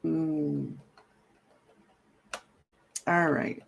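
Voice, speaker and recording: A man hosting a casual gardening livestream, greeting viewers warmly and reading out their comments with a relaxed drawl. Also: on the high side, very slow, vocal fry. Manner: drawling, greets viewers as baby, laughs often. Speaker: livestream host. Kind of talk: casual live-stream chat reading comments.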